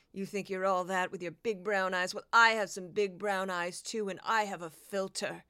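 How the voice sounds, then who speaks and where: A woman doing a comic impression of a boastful, pompous former TV anchor woman with a brash, taunting, drawn-out delivery. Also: mid-range voice, pushed and bright, smooth, no room sound, clean studio sound.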